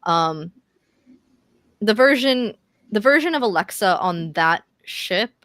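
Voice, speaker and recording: A woman's voice: mid-range voice, animated, takes it slowly, a bit bright, no room sound, clean studio sound. A young woman narrating as game master of a tabletop game, loose and chatty with fillers. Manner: laughs often, thinks aloud with fillers.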